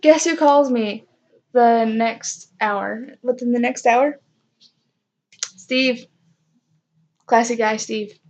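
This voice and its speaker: A woman's voice: a little high, slow pace, long pauses, a little mellow. A young woman casually telling a personal story, self-mocking and acting out what others said. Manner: chatty, self-mocking, acts out quoted voices.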